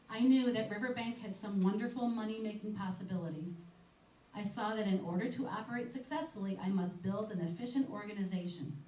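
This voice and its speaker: A woman's voice: medium pitch, warm tone. A woman giving a museum history talk in a conversational manner, reading passages aloud from old articles. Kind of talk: public history presentation. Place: museum program room. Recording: echoey room, speaker far from mic, faint noise.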